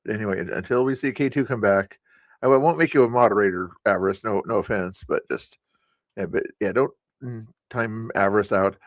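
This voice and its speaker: A man with a fairly low voice gives loose political commentary on a live stream. He talks to his chat in a rambling way, with plenty of fillers and little laughs. The sound is dry, with no room echo. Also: a little fast. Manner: rambling, with frequent fillers and chuckles.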